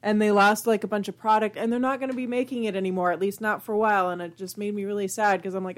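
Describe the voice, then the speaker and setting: A woman co-hosting a casual podcast chat, relaxed and chatty. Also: mid-range voice, fast, hardly any pauses. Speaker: podcast co-host.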